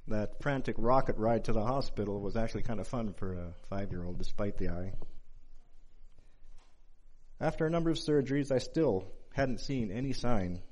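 Measured man in his forties preaching. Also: on the low side, lively intonation, a little mellow. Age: 40s. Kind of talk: sermon with personal story.

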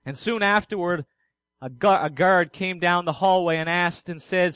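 Earnest high-voiced preacher. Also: male voice, steady tone, moderate pace, fairly bright tone, clear, resonant tone, no echo, poor audio. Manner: earnest, rhetorical questions answered himself. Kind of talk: sermon.

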